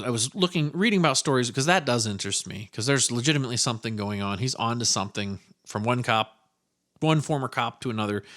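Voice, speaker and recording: A man's voice: lowish voice, a bit bright. A man hosting a solo podcast, telling stories in a loose, rambling way with casual swearing. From American Midwest. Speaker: podcast host.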